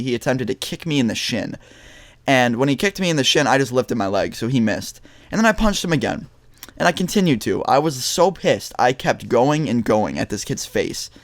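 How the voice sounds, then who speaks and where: A man's voice: mid-range voice, no echo. Young male vlogger, blunt and profane storyteller, mid-range voice, dry close mic. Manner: blunt, heavy swearing, many restarts. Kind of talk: casual storytelling to camera.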